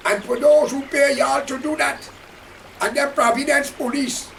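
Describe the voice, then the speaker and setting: Fiery Guyanese man ranting, high gravelly voice. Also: fairly even intonation, normal speed, recorded from a distance, slight background noise. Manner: fiery, preaching, often shouting. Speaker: political commentator. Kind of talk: impassioned political rant.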